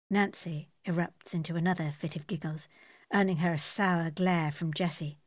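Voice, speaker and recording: Woman reading an audiobook, steady descriptive narration, dead dry sound. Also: lowish voice, normal speed, no echo.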